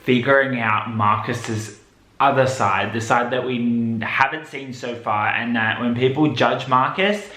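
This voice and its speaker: A man giving casual rewatch commentary on a series, chatty and given to excited outbursts. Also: unhurried. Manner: chatty, breaks into excited high outbursts and laughs. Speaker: show reviewer. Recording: echoey room with faint noise.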